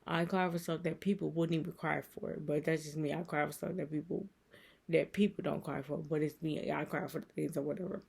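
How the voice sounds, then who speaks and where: A woman's voice: sits low, fairly even intonation, brisk, gravelly, darkish tone, breathy edge. A woman creator giving a casual, earnest devotional talk, rambling and repeating herself as she encourages her viewers. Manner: rambling and repetitive, circling back on her points; earnest and emotional. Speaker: faith content creator.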